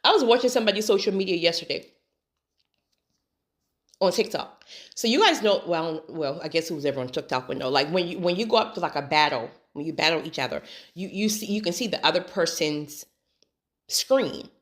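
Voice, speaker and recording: Animated woman preaching casually to viewers. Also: fairly low pitch, a little fast. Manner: animated, preachy, laughs often, says "honey" and "right?". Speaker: spiritual talk host. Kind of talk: casual faith-based monologue.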